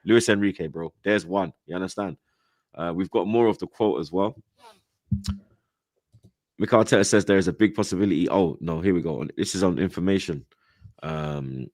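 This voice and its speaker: A young London man with a very low voice rants about football as host of a casual podcast. His talk is full of street slang and swearing, and it keeps climbing into loud, exasperated outbursts. The sound is dry and close, with almost no room around it. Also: no room sound. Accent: London, multicultural London English slang. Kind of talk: heated casual football chat.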